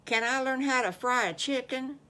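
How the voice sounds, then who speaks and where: A woman's voice: high-pitched, normal speed, pushed and bright, pitched above the performer's own voice. An older woman voicing a polite, grateful young male wolf pup. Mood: earnest. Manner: polite, earnest.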